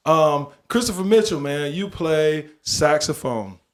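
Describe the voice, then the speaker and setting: A man hosting a casual podcast, joking and hyping his guest, dropping his voice low for emphasis. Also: expressive, measured pace, echoey room. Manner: playful, hype announcer delivery that drops low for emphasis. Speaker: podcast host. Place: recording studio in Atlanta.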